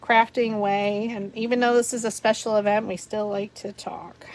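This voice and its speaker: A woman's voice: mid-range voice, flat delivery, moderate pace, a little hiss or hum. A woman hosting a live paper flower tutorial, talking through each step as she works and chatting and laughing with viewers. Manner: chatty, giggly, talks through steps while working.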